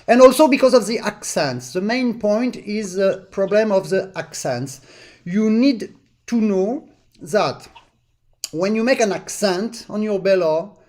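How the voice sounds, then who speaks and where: A man's voice: high-pitched, a little slow, darkish tone. A man, teaching accordion technique over a video call. He explains patiently and sings out rhythms in short syllables to demonstrate. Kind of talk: online master class instruction.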